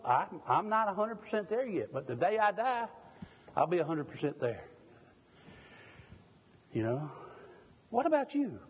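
Middle-aged preacher, fervent, questions the congregation, lively high delivery, echoing in a church. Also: male voice, slightly rough. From Mississippi, USA. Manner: fervent, asks the congregation pointed questions, jokes at himself. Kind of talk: sermon.

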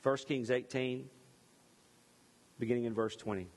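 A man preaching a sermon and reading scripture aloud, giving expressive rising and falling emphasis. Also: mid-range voice, measured pace. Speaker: pastor. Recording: long reverb in a large hall.

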